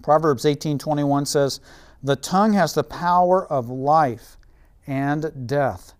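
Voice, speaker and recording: A man preaching a sermon, telling stories and dropping to a soft, quiet voice for emphasis. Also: fairly high pitch, takes it slowly.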